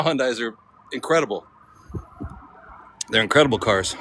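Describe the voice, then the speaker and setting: A man's voice: mid-range voice, moderate pace, poor audio. A man talking casually as he walks through a city for a vlog, rambling and laid-back, laughing often and using slang. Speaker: vlogger. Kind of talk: casual walking vlog chat. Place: city streets outdoors. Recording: outdoor street noise behind.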